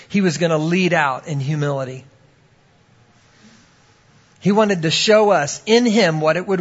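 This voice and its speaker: A man's voice: fairly high pitch, breathy edge, muffled recording. A man preaching a sermon, telling a personal story and acting out the voices of the people in it. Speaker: pastor.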